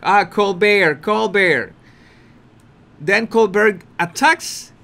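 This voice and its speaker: Brief: male video commentator, high and lively voice, unhurried and repetitive delivery. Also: gravelly. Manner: repetitive, restarts often, animated with laughter.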